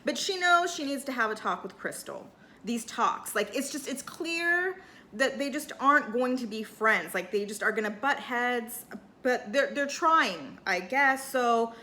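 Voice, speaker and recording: A woman's voice: high voice, pushed and bright. A woman giving a casual, chatty recap of a reality show, full of "like" and "you know", and acting out what the cast said. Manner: chatty, lots of "like" and "you know", acts out cast members' lines. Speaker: recap host.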